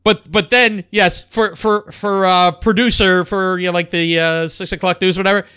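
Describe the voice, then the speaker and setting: A man's voice: high voice, fairly even intonation, moderate pace, pushed and bright, clear, resonant tone, no echo, clean studio sound. A man chatting casually as co-host, laughing often and stumbling over his words. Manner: laughs often, many restarts and fillers. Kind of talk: casual chat.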